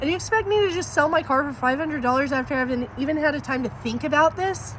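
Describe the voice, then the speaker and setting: A woman's voice: high-pitched, fast talker, fairly bright tone, a little hiss or hum, low-quality recording. A woman vlogger telling a story to her camera in a casual, chatty way.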